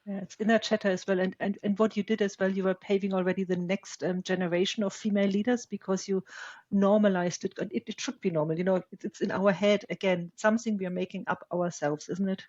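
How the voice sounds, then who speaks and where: A woman's voice: mid-range voice, steady tone, fast, a little mellow, no room sound. Female podcast host, reflective questioner, muffled lo-fi dry sound. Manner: thoughtful, asks long reflective questions. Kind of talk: casual interview chat. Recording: dull dry lo-fi audio.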